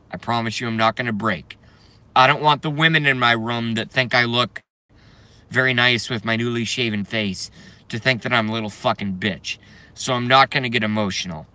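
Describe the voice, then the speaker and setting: Sharp-voiced man in a heated rant. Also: mid-range voice, no echo. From United States. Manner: profane, heated, bursts of shouting. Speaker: vlogger. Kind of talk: angry political rant.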